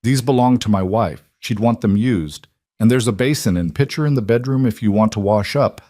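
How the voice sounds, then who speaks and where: A man voicing a weary, grieving widowed cowboy who speaks softly and earnestly. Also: fairly low pitch, normal speed, dry recording, clean studio sound, lightly acted. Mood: gentle. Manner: soft-spoken, quietly earnest.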